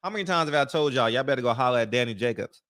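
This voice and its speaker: A man hosting a casual barbershop chat about boxing, animated and laughing, often mocking others. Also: medium pitch, racing. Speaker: show host.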